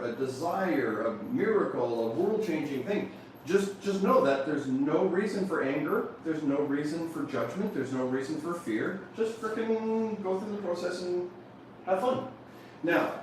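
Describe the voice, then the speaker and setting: A man leading a motivational workshop, lively and questioning his audience, often telling them to write points down. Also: on the high side, slight background noise. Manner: animated, questions the audience, repeats instructions. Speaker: seminar speaker. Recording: echoey room from far off.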